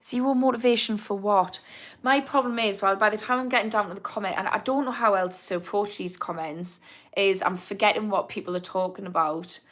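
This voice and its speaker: A British woman in her thirties, a recovery coach, hosts a live Q&A stream, chatting frankly and answering viewers' comments by name. Her voice is medium-pitched and fairly bright, and she talks a little fast in this casual live-stream chat.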